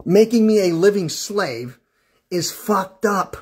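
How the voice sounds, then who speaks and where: Man, high-pitched voice, livestream rant, agitated, profane, repetitive questioning, stumbling restarts, laughing bursts. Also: expressive, slow, a little mellow. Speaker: live streamer. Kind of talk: unscripted livestream monologue.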